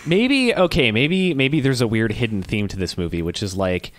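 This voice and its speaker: A young man co-hosts a movie podcast, chatting casually about a film review with lots of "like" and restarts as he rambles. His medium-pitched voice is expressive and moves at a normal speed.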